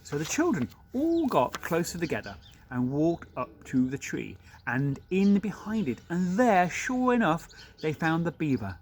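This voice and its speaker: A man's voice: a little high, huge pitch swings, unhurried. A male teacher reading a storybook aloud to his class, breaking in with chatty asides.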